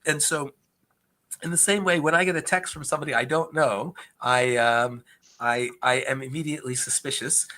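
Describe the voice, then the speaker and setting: A government agency speaker on investor fraud, a man with a medium-pitched, pushed and bright voice, answers questions at a normal speed with fairly even intonation. It's a conversational Q&A presentation, and he explains earnestly, often restarting his sentences.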